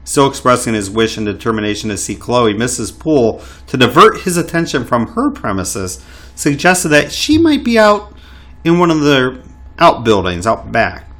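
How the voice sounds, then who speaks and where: A man in a relaxed conversation who reads passages from an old account aloud. He asks questions and stumbles into restarts as he goes. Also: medium pitch, moderate pace. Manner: hesitant, questioning, with stammered restarts. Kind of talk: casual chat, reading a historical account aloud.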